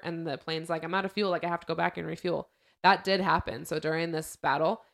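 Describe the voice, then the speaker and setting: A young woman hosting a podcast, chatting casually and acting out quoted lines as she retells a story. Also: sits low. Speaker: podcast host.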